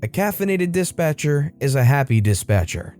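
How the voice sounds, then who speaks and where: A man's voice: a little high, very animated, moderate pace, a little mellow, faint music behind. A man narrating online stories aloud in a wry, conversational way. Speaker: storytime narrator.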